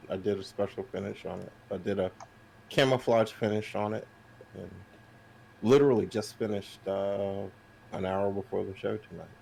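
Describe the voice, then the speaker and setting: A man in his forties joining a casual podcast chat, speaking hesitantly and a little haltingly. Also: on the low side, fairly even intonation, creaky, a little mellow, a little hiss or hum. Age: 40s. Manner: hesitant, slow-spoken. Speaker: guest.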